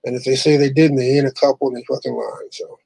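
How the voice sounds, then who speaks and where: A man's voice: mid-range voice, fairly even intonation, quick pace, gravelly, dark tone, husky, no echo, poor audio. A middle-aged man hosting his own online show, ranting bluntly and profanely, rambling with restarts. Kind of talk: casual ranting monologue.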